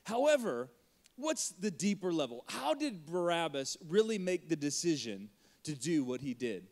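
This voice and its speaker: A man in his forties, a pastor, preaching an Easter sermon with lively storytelling and jokes. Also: on the high side, normal speed. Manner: animated, acts out crowd voices and jokes. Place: church auditorium.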